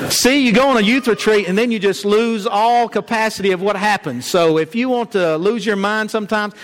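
A man's voice: high-pitched, a little hiss or hum. A man, teaching a Sunday morning church lesson in a folksy way with many "uh" fillers.

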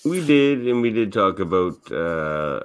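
An easygoing man hosting a podcast, with an extremely deep, low voice. He chats casually and lets his sentences trail off as he thinks aloud. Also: very animated, unhurried, clear, resonant tone. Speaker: podcast host. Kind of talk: casual chat.

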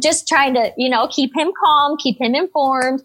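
A young woman who works as an emergency room nurse tells a story in conversation, upbeat, energetic and expressive. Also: high voice, moderate pace.

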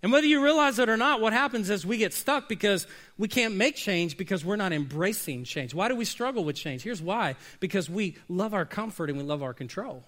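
A man preaching a sermon, animated and conversational, slipping into quick acted asides and questions to the congregation. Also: high-pitched. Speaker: pastor.

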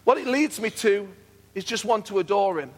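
A high-pitched man preaching in a church, earnest and repetitive, his phrases swelling into fervent declarations. His voice rings with a long reverb off the hall walls, and he often doubles back on a word before pressing on. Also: animated, normal speed, heavy background noise. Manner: earnest, repeats himself, builds to fervent declarations. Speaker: pastor. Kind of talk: sermon.

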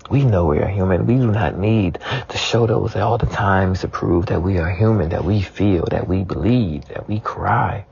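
A man's voice: sits low, normal speed, vocal fry, hardly any pauses, a little mellow, husky. A spiritualist man in a raw, emotional monologue, tearful and repeating himself, swearing as he vents. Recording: dull lo-fi recording.

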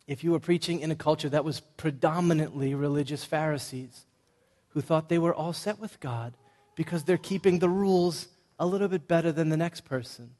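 A man's voice: fairly high pitch, darkish tone. A man preaching a sermon in an emphatic, conversational way, stacking short punchy lists. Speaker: pastor.

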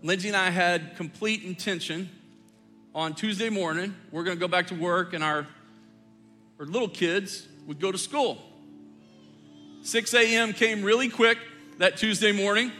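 A middle-aged man gives a sermon as pastor, spinning a family story with easy humor. His voice sits high and sharp, carried by a long hall echo with faint music underneath. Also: fairly even intonation, normal speed, pauses often. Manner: conversational, joking storyteller.

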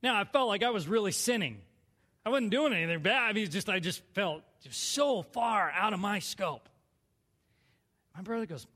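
A man in his thirties from southern California, telling his personal story in a sermon, swinging from hushed to loud. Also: high-pitched, animated, moderate pace, in a large hall. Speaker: church speaker sharing testimony.

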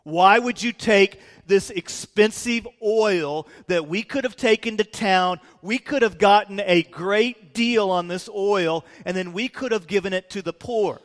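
A man acting out a greedy, indignant man who schemes for money, pushing his words out raised and slow. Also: high-pitched, very animated, in a large hall, pitched above the performer's own voice. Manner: raised, slowed, pushy delivery.

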